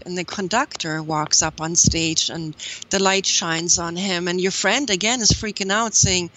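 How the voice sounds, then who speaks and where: A woman's voice: fairly low pitch, fairly even intonation, normal speed, pushed and bright, rough recording. A woman guest on an interview show, earnestly recounting a personal spiritual story in a rambling way, with many "you know"s and "um"s.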